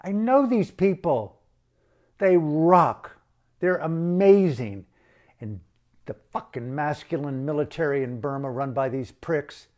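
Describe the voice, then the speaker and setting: Male activist, slightly high voice, furious profane rant to camera. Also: expressive, takes it slowly, darkish tone. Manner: blunt, profane, outraged. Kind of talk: impassioned political rant.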